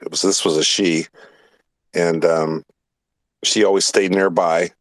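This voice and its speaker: A man's voice: low-pitched, little pitch movement, unhurried, dry recording. A man hosting a casual talk show, telling a rambling story full of swearing and emphatic asides. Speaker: podcast host.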